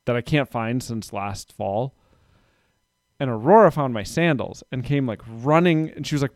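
A man's voice: mid-range voice, animated, moderate pace, no room sound, clean studio sound. A man in his thirties chatting casually, rambling through stories about his kids and doing their voices. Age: 30s. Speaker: parent telling stories. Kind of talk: casual chat.

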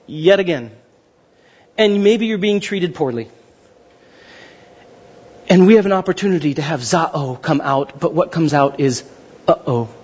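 Excitable high-voiced male pastor preaching. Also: highs cut off. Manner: excitable, fast-talking, asks the crowd questions. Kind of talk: sermon.

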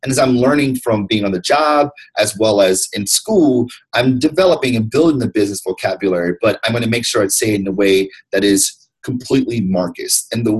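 A man's voice: lowish voice, breathy edge, rough recording. A man from Detroit, a podcast guest, talking earnestly and reflectively about his path, often restarting his words. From Detroit, USA. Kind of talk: candid interview conversation.

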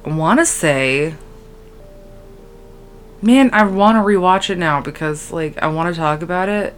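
A woman's voice: fairly low pitch, animated, unhurried, soft background music. A sleep-deprived young woman hosting a solo podcast, rambling casually with lots of fillers and trailing sentences. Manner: rambling, scatterbrained, valley-girl fillers. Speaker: podcast host. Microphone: podcast microphone.

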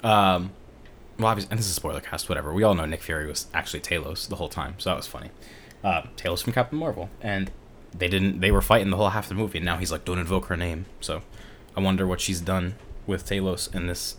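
A man's voice: low voice, a little hiss or hum. A man co-hosting a podcast, chatting casually through a movie recap in a rambling, laid-back way with the odd swear word. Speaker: podcast co-host.

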